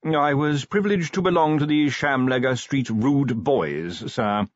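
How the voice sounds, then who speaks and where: A man voicing a prim, smooth-spoken middle-aged butler with a formal, deferential manner in an audiobook. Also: mid-range voice, sing-song, unhurried, dry recording, dull audio, voice pushed up.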